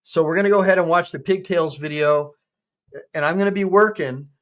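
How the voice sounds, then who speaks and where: A man hosting a live stream as a lawyer, talking loosely and crudely. He rambles from one joke to the next. His voice sits a little high for a man. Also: a little fast, fairly bright tone. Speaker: attorney and livestream host. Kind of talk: casual livestream chat.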